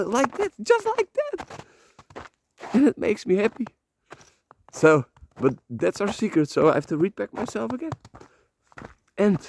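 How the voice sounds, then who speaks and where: A man's voice: high voice, creaky, warm tone. Man vlogging while walking outdoors. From Netherlands. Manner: rambling, heartfelt, swears casually. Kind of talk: emotional motivational monologue. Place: outdoors, walking on a slippery path.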